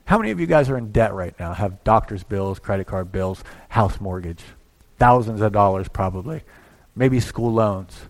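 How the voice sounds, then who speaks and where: A man preaching a sermon in a church, talking conversationally and acting out little asides as he swings between quiet and loud. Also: lowish voice, expressive, moderate pace. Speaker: pastor.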